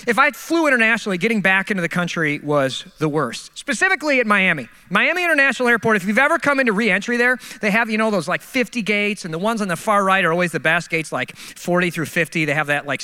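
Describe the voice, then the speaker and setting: A man preaching a sermon with a high, very bright, ringing voice. He tells comic stories from the pulpit and keeps breaking into animated, exasperated rants. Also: clean tone. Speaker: pastor.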